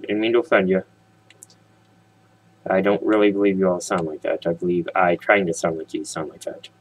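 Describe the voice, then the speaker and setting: A man with a deep, slightly husky voice gives casual gameplay commentary. He rambles from topic to topic, tossing jokes and questions at his viewers. His talk is loose and chatty. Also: little pitch movement, moderate pace, poor audio. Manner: rambling, jokey, talks straight to viewers. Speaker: let's play host.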